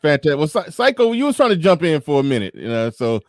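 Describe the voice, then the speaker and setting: A man hosting an online panel, keeping speakers in order with quick repeated calls. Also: a little high, very animated, a little hiss or hum. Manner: fast, repetitive, keeps order. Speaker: panel host. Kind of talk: casual online panel moderation.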